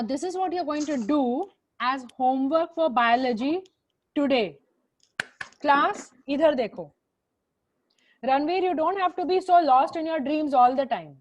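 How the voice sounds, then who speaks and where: High-voiced Indian woman teacher. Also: a little hiss or hum. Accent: Indian English. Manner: repeats instructions, switches into Hindi, scolds students by name. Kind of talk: online class instruction. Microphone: video call.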